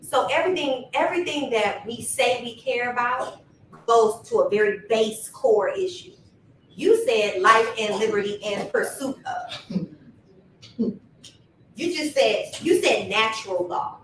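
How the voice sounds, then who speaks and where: Slow, measured woman on a panel. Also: on the high side, expressive, fairly bright tone, slight background noise. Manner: measured, reflective, builds argument step by step. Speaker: panel speaker, school builder. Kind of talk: deliberate panel answer. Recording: echoey room from a distance.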